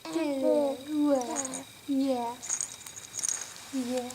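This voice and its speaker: A woman's voice: high-pitched, extremely slow, pauses often, a little mellow. A woman talking to her baby in a cooing, sing-song way, repeating questions and laughing, filmed at home on a handheld camera. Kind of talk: baby talk to an infant. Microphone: home video camera held by someone else. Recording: home video with clear background noise.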